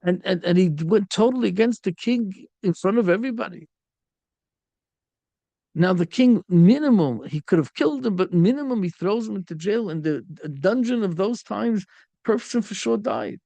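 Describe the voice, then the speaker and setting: A man's voice: sits high, moderate pace, vocal fry, no room sound. A man, a rabbi, giving a Torah lecture, telling stories and acting out the people in them. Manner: animated storytelling, acts out quoted speakers.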